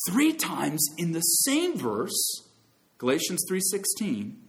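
A man preaching a sermon as pastor, emphatic, rising to loud high peaks and dropping low and soft, calling his listeners friends and brothers and sisters. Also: huge pitch swings, slow, gravelly.

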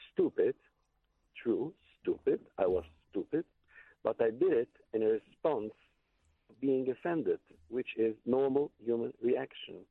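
A man's voice: on the low side, gravelly, husky, dry recording. Earnest man on a tinny phone line. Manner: earnest, defensive, over-explaining. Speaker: radio caller.

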